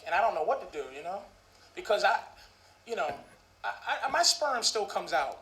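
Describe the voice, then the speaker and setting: A man's voice: high voice, animated, brisk. A man in his thirties doing a stand-up comedy set, profane and conversational with mumbled asides. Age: 30s. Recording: echoey club recording with noise.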